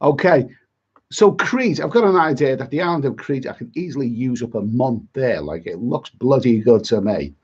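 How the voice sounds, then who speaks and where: A man's voice: mid-range voice, animated, normal speed, a little mellow, slightly rough, lo-fi sound. A middle-aged man on a livestream, chatty and exasperated, rambling with many repeats and asides. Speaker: travel vlogger on a livestream.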